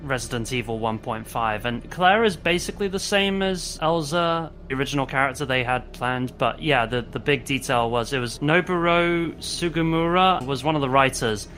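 A man's voice: mid-range voice, normal speed, few pauses, sharp tone, soft background music. A man co-hosting a casual podcast about video games, chatty and filling his talk with "like". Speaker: podcast co-host.

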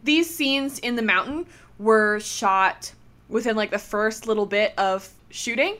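A woman's voice: on the high side, a little slow, a bit bright. A young woman co-hosting a casual podcast, chatty, laughing often and acting out quotes from the show. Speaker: podcast co-host.

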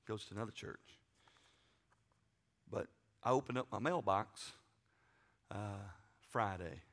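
A middle-aged man preaching a sermon, folksy and joking, swinging from loud to quiet asides. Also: medium pitch. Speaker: pastor.

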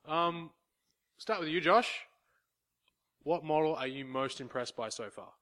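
Bright, slightly high male host; keeps the chat moving, quick to laugh. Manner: steers the talk, laughs often. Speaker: podcast host. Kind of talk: casual chat.

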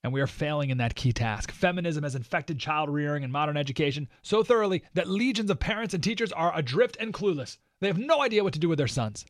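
A man hosting a talk radio show, delivering an opinionated monologue in an animated, sarcastic way with mocking asides. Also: on the high side, fast, hardly any pauses, no echo, clean studio sound.

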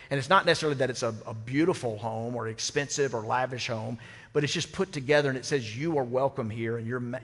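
Conversational pastor preaching in a reverberant sanctuary. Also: male voice, medium pitch, fairly bright tone. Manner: conversational, humorous preaching with rhetorical questions. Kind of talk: sermon. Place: church sanctuary. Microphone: microphone. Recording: long hall reverb.

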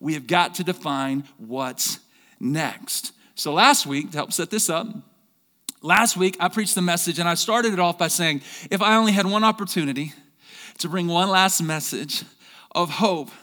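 A middle-aged man preaching a sermon as pastor, with big swings between loud, fired-up lines and quiet, low ones. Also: moderate pace. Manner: energetic preaching with big swings in pitch and volume. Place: large church hall. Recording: long hall reverb.

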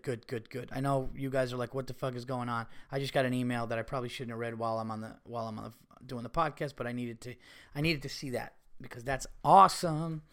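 A man's voice: medium pitch, a bit bright. A middle-aged man hosting a podcast, ranting in a profane, repetitive, emphatic way. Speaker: podcast host. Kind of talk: casual solo podcast rant.

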